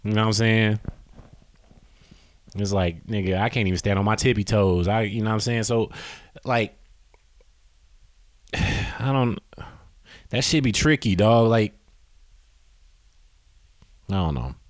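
A man's voice: fairly low pitch, slow, long pauses, no echo. A man hosting a solo podcast from home, rambling and swearing, often losing his train of thought. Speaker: podcast host. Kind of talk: casual solo podcast monologue.

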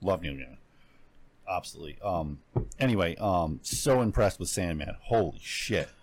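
A man's voice: low-pitched, animated, moderate pace. A man talking casually about shows, rambling with many fillers and restarts. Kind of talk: casual chat.

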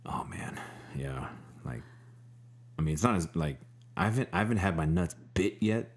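A man's voice: low-pitched, lively intonation, normal speed. A man co-hosting a podcast in casual chat, laid-back and rambling with many fillers.

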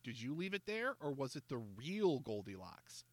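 A man reading a children's mystery aloud, voicing a calm, curious boy detective close to his own voice. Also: mid-range voice, normal speed, no room sound, lightly acted.

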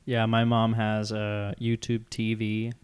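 A young man chatting casually, retelling a story with animated, loud acted-out quotes. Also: fairly low pitch, slow pace, smooth. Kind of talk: casual chat.

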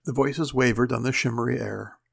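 A man narrating a story aloud in an expressive reading style, giving the characters their voices. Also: mid-range voice, a little fast, creaky, breathy edge.

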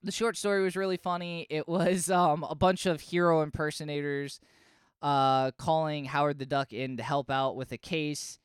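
A man's voice: a little high, fairly even intonation, normal speed, smooth, no room sound, clean studio sound. A man chatting casually as a podcast co-host, rambling and enthusiastic. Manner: enthusiastic, rambling, full of fillers. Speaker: podcast co-host reviewing comics. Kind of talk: casual chat.

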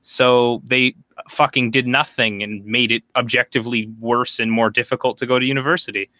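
Young man, from Canada, podcast co-host, bright tone, rambling, swearing, halting. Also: medium pitch, fairly even intonation, no echo. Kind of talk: casual chat.

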